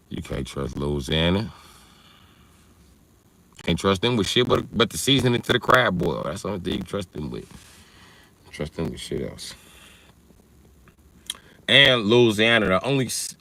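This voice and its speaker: A man's voice: deep voice, pushed and bright, dry recording. A man hosting a livestream, riffing through a loose, profane comedic rant and answering chat. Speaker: livestream host.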